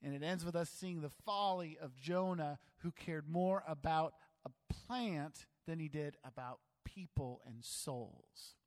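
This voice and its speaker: A pastor preaches in a relaxed, chatty way and jokes at his own expense. His voice is a man's, pitched fairly high. The sanctuary adds a long, trailing reverb. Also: measured pace, hardly any pauses. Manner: conversational, self-deprecating humor. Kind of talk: sermon.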